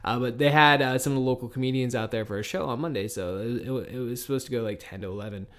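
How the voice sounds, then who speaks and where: A podcast host in his early thirties, rambling casually and swearing a lot in a loose, animated monologue. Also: mid-range voice, fast talker. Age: 30s. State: tired and a little high.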